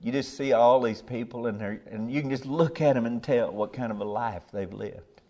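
A man's voice: mid-range voice, normal speed, dark tone. Older man preaching a folksy sermon. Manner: folksy, plainspoken, earnest with rising emphasis.

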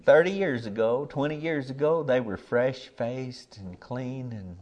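A man's voice: mid-range voice, unhurried, darkish tone, highs cut off. An older man, a preacher giving a sermon in a folksy, plainspoken way, earnest and building to emphatic peaks.

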